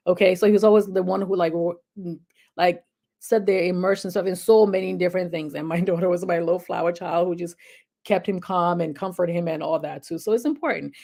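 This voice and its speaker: Chatty middle-aged woman, slightly low voice. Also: steady tone, brisk, vocal fry, warm tone. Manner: chatty, repeats "okay?" to check in with viewers. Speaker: health video host. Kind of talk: casual advice talk.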